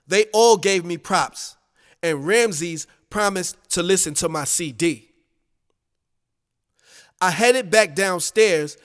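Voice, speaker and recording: A man narrating his own audiobook in the first person, in an unhurried, conversational storytelling manner. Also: sits high, fairly bright tone, big-room sound.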